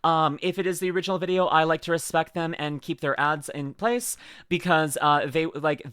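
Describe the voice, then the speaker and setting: Bright excitable streamer rambling over a video, super dry close mic. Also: medium pitch, normal speed, clear, resonant tone, dry recording. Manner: rambling, excitable, lots of "like" and laughter. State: tearing up. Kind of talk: casual reaction commentary.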